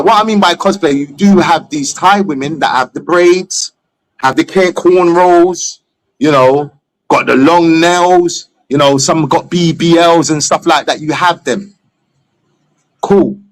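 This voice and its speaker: A man's voice: fairly high pitch, measured pace. A man from England, a stream guest talking bluntly and opinionatedly, swearing freely. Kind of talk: casual chat on a live stream.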